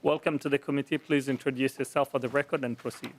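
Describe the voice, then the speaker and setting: A man's voice: mid-range voice, fairly even intonation, fast, slight background noise. A man chairing a legislative committee hearing, running motions and votes in a formal, procedural way.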